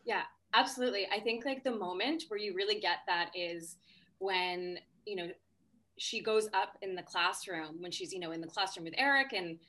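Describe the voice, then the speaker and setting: A woman's voice: medium pitch, moderate pace, bright, forceful tone. A woman in casual discussion on a podcast, talking in a chatty way with many fillers and restarts.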